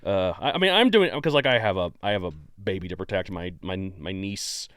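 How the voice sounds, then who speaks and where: A man's voice: low voice, lively intonation, fairly quick, fairly bright tone, no echo, studio quality. A man hosting a podcast in a casual, jokey, playful chat. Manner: jokey, playful, self-mocking. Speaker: podcast host.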